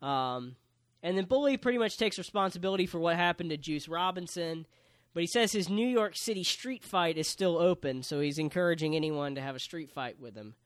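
A man's voice: a little high, animated, a little fast. A man casually recapping a wrestling show for a podcast, walking through it step by step and dropping in jokes. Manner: joking, play-by-play recap. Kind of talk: casual chat.

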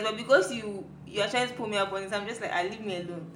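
A woman's voice: mid-range voice, fast, slight background noise. A young woman, co-hosting a casual podcast chat in a playful, sassy way. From Ghana. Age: young adult. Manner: playful, sassy, animated when joking. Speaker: podcast co-host. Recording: roomy room echo.

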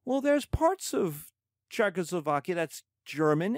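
A man explaining history in a lively, conversational lecture with quick spoken asides. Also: a little high, dry recording, clean studio sound.

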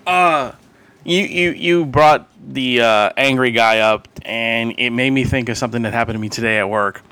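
Bright-voiced man telling a rambling story. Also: medium pitch, moderate pace, clear, resonant tone, no echo. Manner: rambling storyteller who acts out loud quoted voices and laughs often. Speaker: podcast co-host. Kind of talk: casual storytelling chat.

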